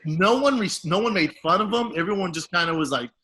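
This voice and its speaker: A man in his late thirties, co-hosting a podcast and telling embarrassing stories in a casual, profane, animated way, laughing as he goes. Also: high-pitched, fast talker, low-quality recording. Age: 30s. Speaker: podcast co-host. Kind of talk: casual storytelling chat.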